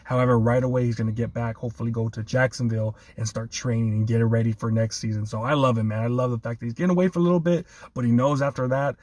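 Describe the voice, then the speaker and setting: A man's voice: mid-range voice, steady tone, rapid-fire, hardly any pauses, darkish tone, no room sound. A man hosting a casual sports chat, laughing often and talking with enthusiasm. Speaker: sports podcast host.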